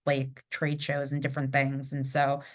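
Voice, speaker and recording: New York woman, low voice, chatty podcast guest full of stories. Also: normal speed. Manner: chatty, animated storytelling with frequent fillers. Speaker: guest, theatre director. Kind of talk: casual podcast chat.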